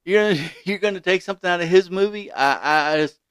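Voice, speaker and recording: Male podcast host, opinionated commentary, smooth voice, indignant with stumbling restarts. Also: high voice, quick pace, no room sound. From Kentucky, USA.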